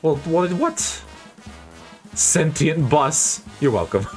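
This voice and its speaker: A man's voice: on the high side, wildly swooping pitch, drawn-out words, soft background music. A man streaming a game, reading its dialogue aloud and joking with his chat between lines in a playful, chuckling way.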